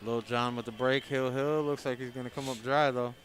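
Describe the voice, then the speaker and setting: Relaxed male pool commentator. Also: medium pitch, a little fast, slight background noise. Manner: relaxed, conversational, explains shots plainly. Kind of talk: casual live commentary.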